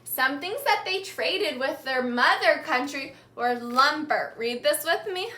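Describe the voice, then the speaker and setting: Woman, teacher, call-and-response lesson, high bright voice, echoey room. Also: lively intonation. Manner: slow, clear, repeating key words for learners to echo.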